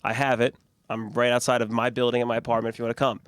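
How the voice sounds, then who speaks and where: A man's voice: medium pitch, flat delivery, very fast, no echo, studio quality. A young man, podcast host, telling long rambling stories in casual chat and laughing often.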